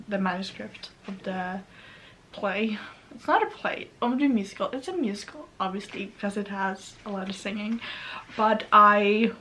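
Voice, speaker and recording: A woman's voice: medium pitch, sharp tone, a little hiss or hum. A young Norwegian woman with a Norwegian accent, rambling nervously in a casual vlog at home, often correcting herself. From Norway. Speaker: vlogger. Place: at home near her computer.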